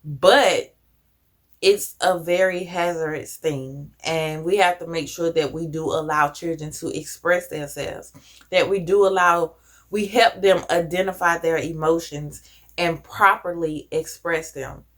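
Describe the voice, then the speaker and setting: A woman's voice: sits low, steady tone, measured pace. A woman vlogger talking earnestly to camera, giving conversational advice with casual slang. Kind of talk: reflective personal talk to camera.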